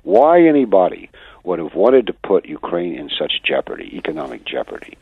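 A man's voice: low-pitched, sing-song, moderate pace, vocal fry, breathy edge, dry recording. A man speaking as a guest commentator in a radio phone interview, in an emphatic, lecturing manner. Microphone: telephone. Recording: tinny dry phone line.

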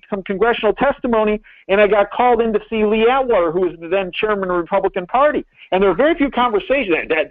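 A man's voice: high-pitched, no echo. An older man telling stories as a guest in an interview, rambling and emphatic with many restarts. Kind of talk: phone-in interview storytelling. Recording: tinny phone line.

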